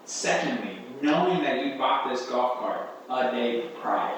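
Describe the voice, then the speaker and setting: A man hosts a loose podcast chat and throws in short, relaxed prompts. He sounds far from the mic. His voice echoes heavily around the room. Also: medium pitch, a little slow. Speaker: podcast host. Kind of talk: casual interview chat. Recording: echoey room, distant mic, faint noise.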